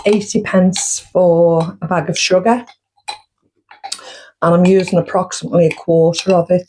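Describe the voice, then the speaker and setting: A woman's voice: on the low side, little pitch movement, normal speed, a little mellow, slight background noise, low-quality recording. A woman with a chatty manner, hosting a casual home baking vlog and walking through her costs step by step. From United Kingdom. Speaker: baking vlogger.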